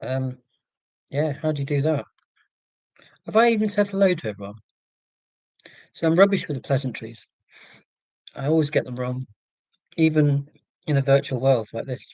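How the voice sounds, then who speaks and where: A man's voice: medium pitch, expressive, moderate pace, pauses often, a little mellow, no room sound, highs cut off. Chatty Scottish man on a live stream. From Scotland. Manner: rambling, self-deprecating, reads out viewer comments. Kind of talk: casual live-stream chat. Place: at home.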